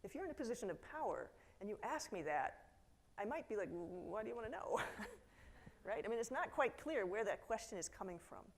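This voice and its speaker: At a conference hall, a middle-aged woman gives a keynote in a lively storytelling style, her medium-pitched voice fairly quick. She slips into quoted voices and makes asides to the audience.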